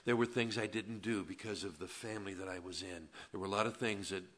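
A pastor preaching a Wednesday evening church sermon, swinging between loud, emphatic lines and quiet, conversational asides, with a folksy manner full of "man" and "you know". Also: low-pitched, fairly even intonation, fast, slight background noise.

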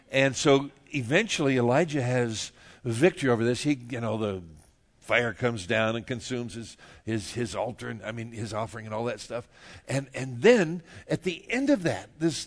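Man teaching bible study, chatty and animated, stumbles and repeats words, medium voice. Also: medium pitch. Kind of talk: evening Bible study sermon.

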